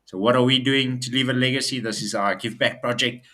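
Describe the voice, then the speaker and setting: A man's voice: medium pitch, fairly even intonation, a little fast, sharp tone. A man co-hosting a casual business chat show, upbeat and talking in loose run-on sentences with fillers. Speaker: co-host.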